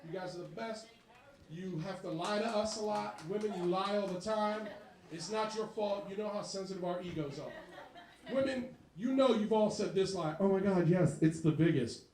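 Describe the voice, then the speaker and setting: High-voiced man doing crude stand-up. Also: moderate pace, echoey room. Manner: crude, rambling storytelling with loud acted-out voices. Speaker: stand-up comedian. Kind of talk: stand-up set. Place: bar stage before a live audience.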